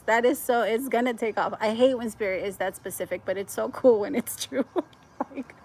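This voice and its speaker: A woman's voice: on the high side, moderate pace. A woman giving a live-streamed tarot reading, chatty and effusive, with lots of "like" and frequent laughs. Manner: gets excited and loud at good news. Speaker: tarot reader.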